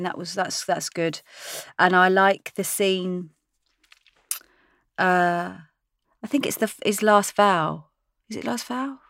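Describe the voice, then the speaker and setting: A woman's voice: medium pitch, a bit bright, no room sound, clean studio sound. A woman, an actress, chatting in an interview, laughing often as she tells stories. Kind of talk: casual interview chat.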